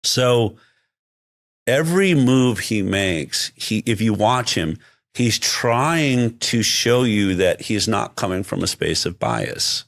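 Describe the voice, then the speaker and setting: A man's voice: on the low side, animated, takes it slowly, gravelly, fairly bright tone, no echo. A man speaking as an interview guest in casual conversation, emphatic and often restarting his sentences.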